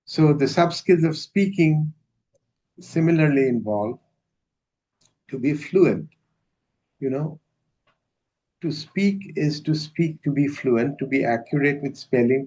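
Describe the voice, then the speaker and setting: A man giving a university lecture in a measured, hesitant way, with many filler sounds. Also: medium pitch, creaky, a little mellow. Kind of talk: academic lecture. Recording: dull lo-fi recording.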